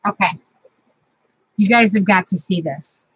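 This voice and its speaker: A woman's voice: medium pitch, unhurried, fairly bright tone, a little hiss or hum, poor audio. A middle-aged woman, chatting casually and sentimentally as host of a crafting vlog from her home craft room.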